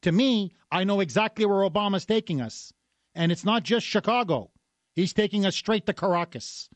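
A man's voice: high voice, expressive, normal speed, no room sound. A man hosting a talk radio show, delivering a combative, sarcastic rant between callers. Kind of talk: opinionated talk radio monologue.

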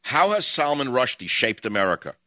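Man, talk radio host, combative rants, forceful bright tone, dry studio sound. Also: medium pitch, big pitch swings, a little fast, no echo, lo-fi sound. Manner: combative, ranting monologues. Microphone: studio mic.

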